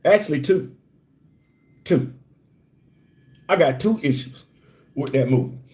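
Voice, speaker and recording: A man's voice: on the high side, lively intonation, takes it slowly, a little mellow. A man hosting a live discussion stream, giving his opinion in an emphatic, preachy way, repeating his points to drive them home. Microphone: live-stream microphone.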